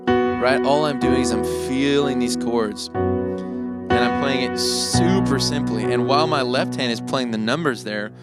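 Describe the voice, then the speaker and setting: A man teaching worship keyboard in a relaxed, casual way, often tagging his points with "right?". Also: mid-range voice, a little slow, loud music behind the voice. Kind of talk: casual instructional talk. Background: keyboard playing.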